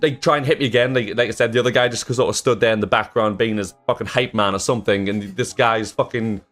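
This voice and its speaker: A young man telling a story on his channel, rambling with lots of fillers and swearing. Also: medium pitch. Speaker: YouTuber. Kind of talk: casual storytime vlog. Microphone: desk microphone.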